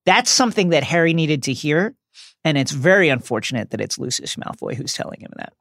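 Gravelly, animated man narrating dramatically. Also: a little high, fairly quick, dry recording, clean studio sound. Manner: builds tension with rising, emphatic phrasing. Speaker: podcast co-host. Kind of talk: dramatic reading and discussion.

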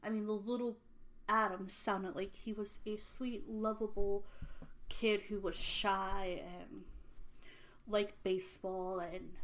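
A woman's voice: mid-range voice, little pitch movement, takes it slowly, a bit bright, slight background noise. A young woman talks through a true crime case in a loose, casual way. She is earnest and emotional, and her speech is full of "like" and "um". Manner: earnest and emotional, many fillers.

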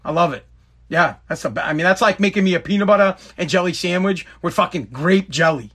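A man with a high-pitched voice hosts a casual podcast. He rants in an exasperated, emphatic way and keeps hammering the same complaint over and over. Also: fast talker, fairly bright tone, husky. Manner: exasperated, emphatic, repetitive ranting. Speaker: podcast host.

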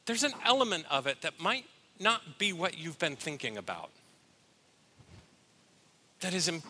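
Bright, high-voiced man preaching. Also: very animated, measured pace, slightly rough. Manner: heartfelt personal storytelling with asides to the congregation. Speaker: pastor. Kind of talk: sermon.

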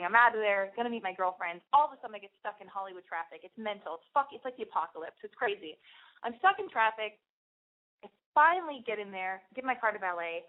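Rambling, profane woman radio host. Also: mid-range voice. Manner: animated, profane, rambling with many restarts. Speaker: radio show host taking calls. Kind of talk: casual storytelling monologue. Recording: phone-like narrow band radio sound.

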